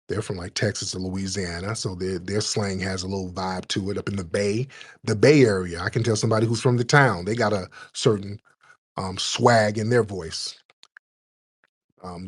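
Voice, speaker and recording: A man hosting a call-in show, talking bluntly and casually, teasing his callers and lecturing at length. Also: fairly low pitch.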